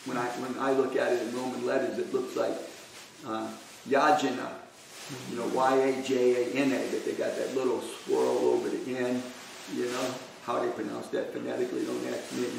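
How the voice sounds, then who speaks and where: A man giving a devotional scripture class in a conversational way, full of "you know", then reading a passage aloud slowly and deliberately. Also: medium pitch, flat delivery, vocal fry, darkish tone. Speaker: class speaker. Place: temple hall. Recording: echoey room, distant mic, faint noise.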